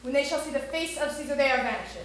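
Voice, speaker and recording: A proud, defiant Roman ruler, slow and grand in his verse, played by a woman with a high voice. The stage recording rings with heavy room echo. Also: slight background noise, close to an everyday voice. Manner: slow, declamatory verse delivery. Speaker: camp actor. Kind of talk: amateur stage Shakespeare. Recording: echoey room.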